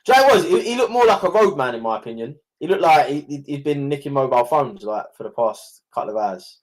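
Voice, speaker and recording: A man's voice: medium pitch, lively intonation, fast. A young man hosting a casual podcast, chatty, swearing and laughing often. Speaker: podcast host. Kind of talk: casual chat.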